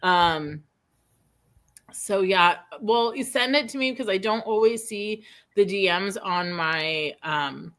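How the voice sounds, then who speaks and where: Chatty woman rambling through a story. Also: medium pitch. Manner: rambling storyteller, animated, quick laughs. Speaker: host. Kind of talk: casual chat.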